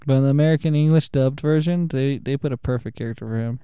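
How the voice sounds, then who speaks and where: A young man giving excitable, casual gameplay commentary, trash-talking the computer opponents and laughing often. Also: mid-range voice, fast talker, clear, resonant tone, no room sound, narrow, tinny audio. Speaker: gaming channel host.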